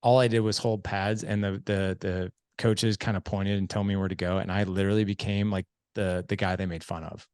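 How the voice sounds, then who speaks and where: Low-voiced man telling a self-mocking story. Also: brisk, hardly any pauses, clean tone, no echo, studio quality. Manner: animated, self-mocking anecdotes full of "I was like". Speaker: podcast host. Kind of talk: casual storytelling chat.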